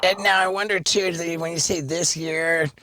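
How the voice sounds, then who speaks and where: A man hosting a podcast, talking in a brash, profane, excitable way. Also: on the high side, moderate pace, no echo, studio quality. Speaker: podcast host. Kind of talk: casual interview chat.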